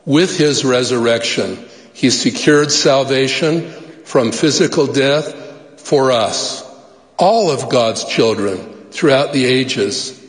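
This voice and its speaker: A man delivering a formal devotional address as a church leader, measured and reverent in his phrasing. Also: mid-range voice. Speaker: church leader giving a talk. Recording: echoey hall reverb.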